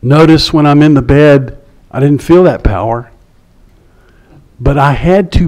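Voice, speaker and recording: A male pastor telling a personal story in a sermon, conversational, dropping to a hush at quiet moments. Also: on the high side, measured pace, long pauses.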